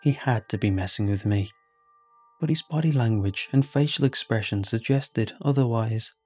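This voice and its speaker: A man tells a first-person horror story in a calm, measured way. His voice sits low and dark. Faint music plays underneath. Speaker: narrator.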